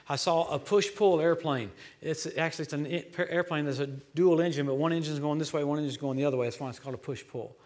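A man preaching a sermon as a guest speaker, telling stories in an animated, joking way that swings from loud to hushed. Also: a little high. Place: church.

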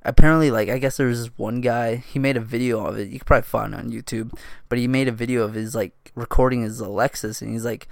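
Gravelly man rambling on a podcast. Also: mid-range voice, fairly even intonation, quick pace, dry recording, clean studio sound. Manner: loose, profane, laughing often, jumps between thoughts. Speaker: podcast host. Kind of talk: casual rambling solo podcast talk.

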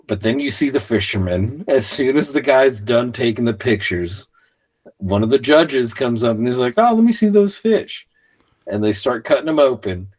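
A man in casual podcast chat, talking animatedly and swearing often, acting out quotes with sudden shouts. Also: mid-range voice, moderate pace, slightly rough.

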